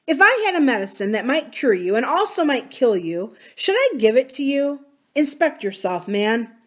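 A woman's voice: sits high, big pitch swings, normal speed, voice pushed up. Old rancher, earnest and grave, read by a woman. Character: wise old male Irish-born rancher, gentle.

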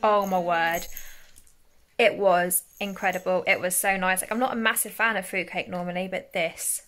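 A woman's voice: on the low side, steady tone, normal speed, a bit bright. A young mother chatting casually in a family vlog, giggly and talkative. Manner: chatty, giggly, sing-song with children. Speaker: vlogger mother.

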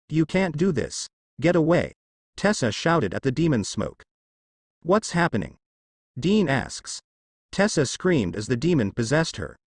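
A man narrates a fanfiction audiobook in a plain, steady reading. His pitch moves in a lively way, and the recording is dry and close. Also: no echo.

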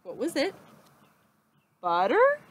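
A woman teacher reading a children's book aloud, slow and expressive with dramatic pauses. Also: high voice, slight background noise.

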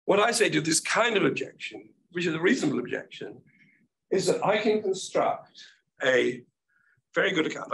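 An older man giving an academic keynote lecture, his voice croaky and gravelly, speaking thoughtfully with hesitant restarts. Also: on the high side, fairly bright tone, rough recording.

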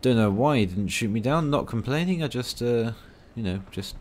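A man's voice: mid-range voice, expressive, moderate pace, a little mellow, a little hiss or hum. A man giving rambling, self-mocking commentary while playing a tank game, full of dry asides. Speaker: gaming video creator.

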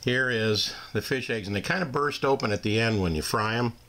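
A man's voice: medium pitch, fairly quick, a bit bright. A man hosting a casual how-to demonstration, talking in a folksy, down-home way while he works. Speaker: host demonstrating fish cleaning.

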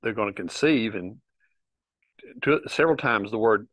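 A man's voice: on the low side, animated, fairly bright tone, no echo. A man giving an informal Bible teaching, explaining Hebrew words in a conversational, meandering way. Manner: conversational, frequent restarts and fillers, explains slowly.

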